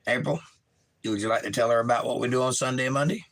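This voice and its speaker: Male stream host, bright tone, casual and chatty, animated comment reader. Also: quick pace, creaky. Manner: reads chat messages aloud and answers them warmly; animated, pitch jumps when reading comments. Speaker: livestream host. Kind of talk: casual chat reading viewer comments aloud.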